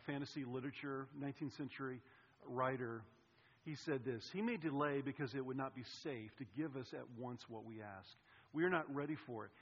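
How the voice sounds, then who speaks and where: A man preaching a sermon, telling a personal story in an animated way, his voice swinging between loud and hushed. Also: mid-range voice, husky. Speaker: pastor. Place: church sanctuary. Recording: reverberant hall, dull sound.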